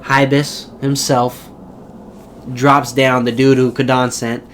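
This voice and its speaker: With a little noise in the background, a male anime reviewer rambles easily through an episode recap in a mid-range voice. Brief impressions of characters pop up repeatedly before he returns to plain talk.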